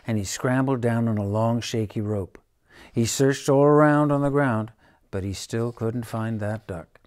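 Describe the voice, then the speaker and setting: Slow, gentle man reading a picture book. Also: mid-range voice. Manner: gentle, unhurried, dramatic. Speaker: storyteller.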